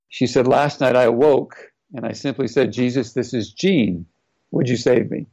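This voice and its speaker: A middle-aged man tells a personal story in an earnest, reflective way. His voice has a gravelly, creaky texture. The recording sounds a little dull and lo-fi. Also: medium pitch, moderate pace, a little mellow. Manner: earnest, reflective, retelling quotes. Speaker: guest, former NFL player. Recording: slightly dull, lo-fi audio.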